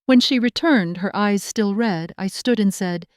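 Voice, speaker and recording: Woman, story narrator, steady scripted reading, mid pitch, dry sound. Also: a little slow, hardly any pauses, no echo.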